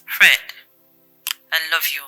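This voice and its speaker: A woman's voice: slow, bright, forceful tone, soft background music, rough recording. An actress with a Nigerian accent voicing a possessive, menacing female spirit who speaks to her lover over the phone. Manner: seductive, menacing. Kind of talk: Nollywood film drama.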